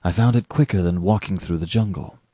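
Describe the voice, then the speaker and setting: A man's voice: deep voice, a little fast, mellow, breathy edge, no room sound. A man voicing a tough young American hunter being hunted, in a storybook reading, terse and dry.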